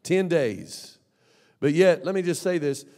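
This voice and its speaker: A man preaching a sermon as pastor, swinging from loud shouts to low mumbled asides. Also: lively intonation, a little slow. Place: church sanctuary. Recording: long church hall reverb.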